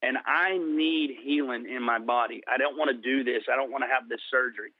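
A middle-aged man telling his personal testimony in an interview, earnest and slowing down for emphasis. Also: mid-range voice, fairly even intonation, dry recording. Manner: earnest storytelling, slows for emphasis. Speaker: guest sharing testimony. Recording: tinny phone-like line.

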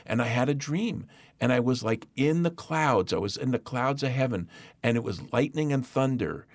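A middle-aged man telling a personal testimony in a lively, animated way, acting out the voices of the people in his story. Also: medium pitch, normal speed, dry recording. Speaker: guest.

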